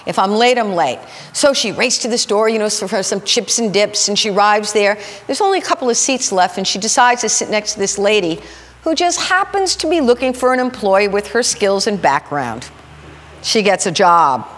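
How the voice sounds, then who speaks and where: A woman minister telling stories in a sermon, acting out the people in them with lively shifts of voice. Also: medium pitch, normal speed, long reverb tail. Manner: animated, acts out the people in her stories. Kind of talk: storytelling sermon. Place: spiritual center sanctuary.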